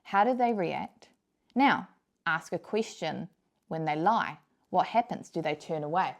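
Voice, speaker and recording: Speaking unhurriedly with vocal fry, this young vlogger has a fairly low-pitched, animated voice. She offers frank, emphatic advice to the camera, cursing openly and going back over her main points.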